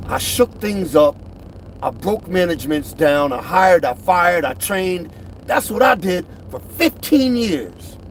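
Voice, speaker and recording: Emphatic high-voiced man, animated. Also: slow pace, slight background noise. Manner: emphatic, repeats himself, swings between loud and quiet. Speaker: truck driver vlogger. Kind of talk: direct-to-camera rant.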